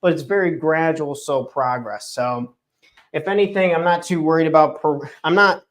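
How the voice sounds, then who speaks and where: A man's voice: fairly high pitch, moderate pace. An earnest man hosts his daily morning livestream in a slightly raised voice. He talks casually and loosely, often circling back and correcting himself mid-sentence. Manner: rambling, self-correcting, earnest. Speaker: host of a daily morning show. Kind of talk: casual solo livestream talk. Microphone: streaming setup microphone.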